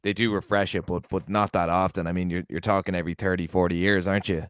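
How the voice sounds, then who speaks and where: A very deep-voiced man talks football on a podcast in a smooth, resonant tone. He weighs his views calmly, often pausing with "you know". The recording is close and dry. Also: no echo. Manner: measured, with fillers like "you know". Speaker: podcast co-host. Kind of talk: casual podcast chat.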